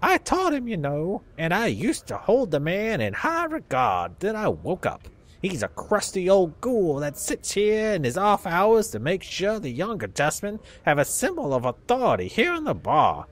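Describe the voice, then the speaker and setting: A man's voice: sits high, huge pitch swings, normal speed, pitched above the performer's own voice. A man voicing a crusty, gossipy old male bar regular in a put-on Southern drawl.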